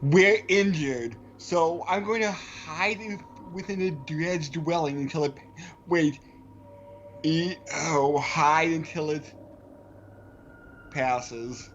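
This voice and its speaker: A man's voice: on the high side, slow, a bit bright, slight background noise. A man chatting as co-player in a casual game session, hesitant and prone to stammering and restarts. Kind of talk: casual gaming chat. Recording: dull lo-fi mic.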